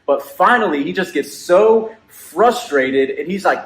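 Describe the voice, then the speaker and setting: An earnest man teaches a youth Bible lesson, his voice sitting a little high for a man. He explains things plainly and builds up the drama of the story. The sound bounces around a roomy, echoey space. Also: expressive, a little slow, few pauses. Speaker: student ministry leader. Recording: echoey room.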